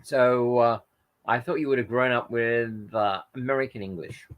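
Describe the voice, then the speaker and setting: A man's voice: mid-range voice, fairly even intonation, normal speed. An Australian man hosting a casual livestream, reading viewer comments aloud and rambling in friendly chat.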